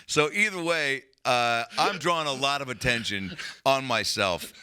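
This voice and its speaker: Very bright-voiced man telling a story. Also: mid-range voice, unhurried, smooth. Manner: animated, profane, rambling with restarts. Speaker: comedian guest. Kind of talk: casual storytelling on a podcast.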